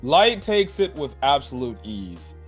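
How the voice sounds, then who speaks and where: A man's voice: mid-range voice, very animated, measured pace, husky, soft background music. A man casually recapping an anime episode in a slangy, rambling way, filling his talk with "like", "bro" and "right". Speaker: anime reviewer.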